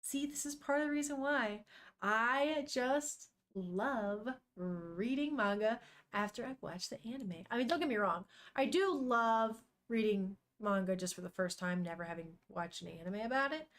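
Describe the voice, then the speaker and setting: A woman's voice: fairly high pitch, animated, normal speed, a bit bright. A young woman on a casual live stream, reading a manga aloud, chatting with viewers, swearing freely and laughing often.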